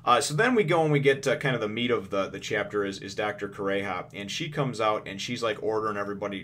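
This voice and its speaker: Low-voiced man, rambling casual host. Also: fast, hardly any pauses, a bit bright. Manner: rambling, many fillers and restarts, laughs often. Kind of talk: casual comic review.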